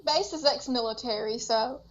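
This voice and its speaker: A woman's voice: a little high, moderate pace. Giggly woman on a muffled mic. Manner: giggly, chatty, laughing through words. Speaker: guest streamer. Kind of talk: casual livestream chat. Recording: muffled lo-fi mic with faint noise.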